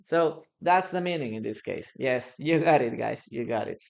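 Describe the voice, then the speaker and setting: An animated English teacher who is a native Spanish speaker leads a live online lesson, explaining slowly with lots of hesitation and repetition. The medium-pitched voice has a darkish tone and some vocal fry.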